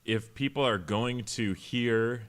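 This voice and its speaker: A man co-hosting a casual podcast, bantering playfully with frequent chuckles and reading ad copy smoothly. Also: mid-range voice, slow. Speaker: podcast co-host.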